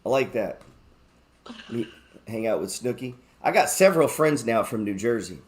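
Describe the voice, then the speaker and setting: Speaking at a normal speed with a medium pitch and lively intonation, this man hosts a live stock market show. He chats casually, joking and swearing freely while walking through his trades, and reads viewer chat aloud.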